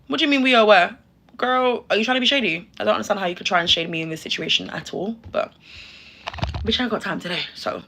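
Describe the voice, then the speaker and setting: Sassy young woman, bright voice. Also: medium pitch, quick pace, vocal fry, a little hiss or hum. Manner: sassy, exclaiming, talks straight to viewers. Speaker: YouTuber reacting to a video. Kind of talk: casual reaction commentary.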